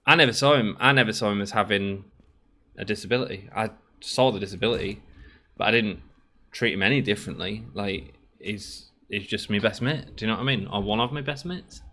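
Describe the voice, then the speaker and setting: A man's voice: lowish voice, brisk, pushed and bright. A man in his late thirties, a gaming channel host telling a long rambling story while he plays, acting out both sides of the quoted dialogue. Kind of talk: casual storytelling while playing a game.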